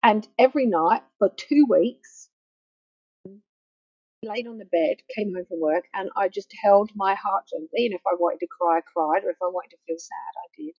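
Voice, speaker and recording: A woman's voice: mid-range voice, moderate pace, slightly rough, no echo. A middle-aged woman counsellor giving an earnest, emphatic talk, repeating phrases for stress. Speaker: grief counsellor. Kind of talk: personal teaching talk. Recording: muffled faulty microphone.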